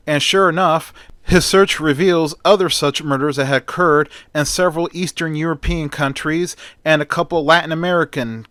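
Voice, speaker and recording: A man's voice: a little high, fairly bright tone, no room sound. A man telling a homemade hero story in a plain, chatty way, stringing events with "and then". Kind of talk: casual amateur storytelling.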